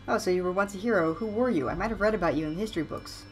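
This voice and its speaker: A woman's voice: medium pitch, racing, few pauses, slightly rough, soft background music, poor audio. Wry woman commenting on gameplay. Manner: wry and chatty, sarcastic asides. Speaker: let's play host.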